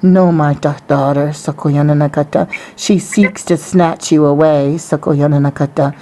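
A woman's voice: low-pitched, steady tone, moderate pace, mellow, pitched below the performer's own voice. A woman voicing a solemn divine male figure giving prophecy, with rhythmic chanted refrains in tongues between phrases. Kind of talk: prophetic utterance.

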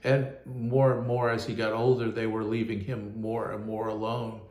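A man, a pastor, telling a personal testimony in an earnest, halting way, often repeating words as he goes. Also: lowish voice, level tone, darkish tone, roomy sound.

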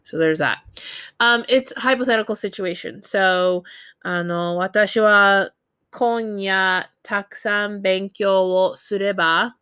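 A woman's voice: mid-range voice, pushed and bright, dry recording, clean studio sound. A woman teaching a recorded Japanese grammar lesson, explaining in a casual way with many fillers and self-corrections.

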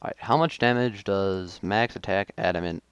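A man's voice: lowish voice, normal speed, clean tone, dry recording, dull audio. A young man giving live commentary on his own game match, frustrated and self-critical, with sudden outbursts. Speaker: gaming video creator.

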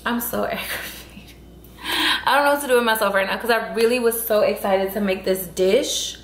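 A woman's voice: medium pitch, fast talker, a little hiss or hum. Exasperated woman venting in a roomy room. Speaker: vlogger. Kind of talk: casual vlog talk to camera. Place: at home indoors.

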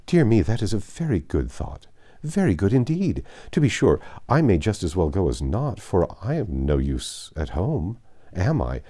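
A man's voice: sits low, big pitch swings, dark tone. A man reading a classic novel aloud, voicing a fretful, self-pitying young mother who complains easily. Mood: eager. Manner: complaining, quick to whine.

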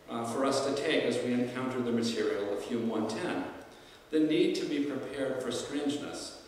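This is a male classics professor giving a thoughtful, searching lecture to alumni, full of fillers and false starts. He has a medium-pitched, slightly mellow voice, and there's a bit of hiss or hum. The mic sits far off in a roomy lecture hall.

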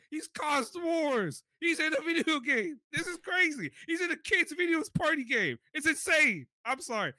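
A man co-hosting a podcast, talking in an animated, excited way, swearing often and dropping into deep mock voices when quoting others. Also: normal speed, dry recording. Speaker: podcast co-host. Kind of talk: excited casual chat.

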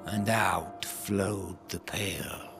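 A gravelly ancient fey spirit. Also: male voice, deep voice, heavily acted. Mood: ominous. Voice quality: gravelly, with breathy whispered words. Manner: archaic, ominous, slow and drawn-out. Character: ancient sly male fey spirit narrator. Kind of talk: scripted game narration. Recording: game audio with music behind.

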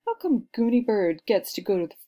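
A woman's voice: medium pitch, sing-song, brisk, dark tone, voice pushed up. A woman voicing a restless, curious little schoolboy asking a question in class.

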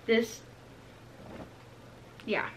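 A teenage girl doing a casual clothing haul, rambling and chatty, full of "like" and "um". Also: extremely slow. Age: teens. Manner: bubbly, rambling, lots of "like" and "um". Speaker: vlogger.

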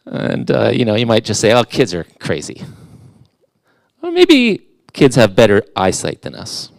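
A man's voice: on the low side, wildly swooping pitch, a little slow, creaky, no echo. A middle-aged man preaching a conversational sermon as a guest in church, casual and self-deprecating, with playful asides.

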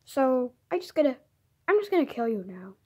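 A woman's voice: sits high, sing-song, fairly quick, mellow. A woman voicing a gleeful male demon villain in a toy adventure, cackling and menacing.

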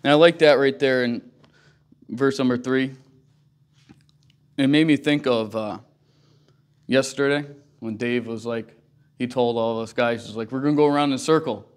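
Guy teaching sunday school at church, earnest and chatty, says you know a lot, mid-pitched voice. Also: steady tone, measured pace, long pauses, clean tone. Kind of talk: casual Bible teaching. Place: church classroom.

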